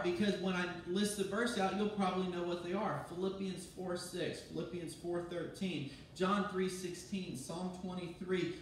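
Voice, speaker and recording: A man's voice: high voice, distant mic, slight background noise. Man preaching in a very echoey church. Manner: animated, conversational preaching with restarts. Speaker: pastor. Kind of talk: sermon. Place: church sanctuary.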